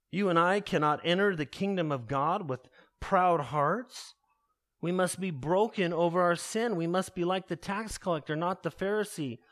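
A male pastor preaching a sermon, slowing down to stress key words and calling his listeners beloved. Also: high voice.

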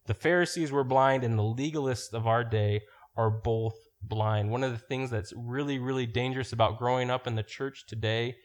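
A male preacher delivers a sermon at a mid-range pitch, working through a passage verse by verse. He talks with emphasis, pressing hard on key words and slowing down to drive points home. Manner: emphatic, explanatory, slows down to stress points.

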